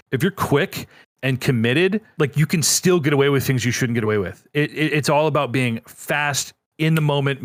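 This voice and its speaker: A man's voice: medium pitch, dry recording, clean studio sound. A man co-hosting a casual gaming podcast, telling a story with lots of energy and some swearing. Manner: animated storyteller, swears freely. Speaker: podcast co-host.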